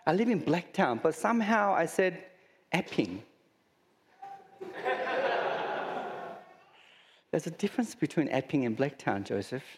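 A man's voice: a little high, very animated, brisk, few pauses, long reverb tail, background noise. A man with an Australian accent preaching a sermon in a conversational way, with rhetorical questions and humorous asides. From Sydney, Australia. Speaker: pastor.

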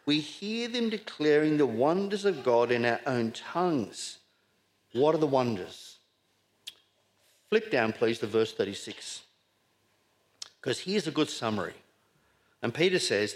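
A man's voice: medium pitch, lively intonation, measured pace, pauses often. A middle-aged man born in Scotland, preaching a sermon with rhetorical questions and repeated words for emphasis.

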